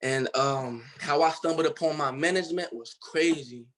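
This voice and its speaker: Young guy from cincinnati, loose slangy storytelling, lots of "like", voice a bit on the high side. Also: normal speed, a bit bright. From Cincinnati, Ohio. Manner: slangy, loose, filler-heavy, trails off with "da, da, da". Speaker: guest artist. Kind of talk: casual storytelling interview.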